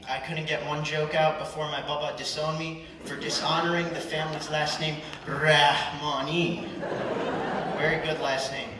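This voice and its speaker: A young man in his twenties performing stand-up comedy, working the crowd with punchy, ironic delivery. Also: a little high. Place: large hall at a live culture show. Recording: echoey hall, far from mic, crowd noise. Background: audience reactions and hall ambience.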